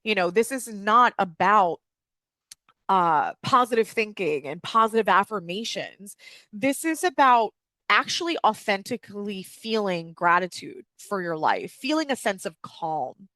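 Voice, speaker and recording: A woman's voice: mid-range voice, expressive, unhurried, fairly bright tone, no room sound. A woman hosting a personal-growth podcast from home, talking candidly with frequent fillers and casual swearing. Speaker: podcast host. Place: home with dogs.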